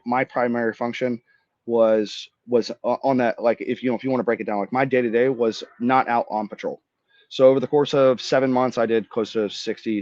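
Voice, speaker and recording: Man, thirties, from Florida, podcast guest, lively storyteller, swears, voices other people, dry room, muffled mic. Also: on the low side, no room sound. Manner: animated storyteller, swears, acts out dialogue. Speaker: podcast guest, army veteran. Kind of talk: casual storytelling interview.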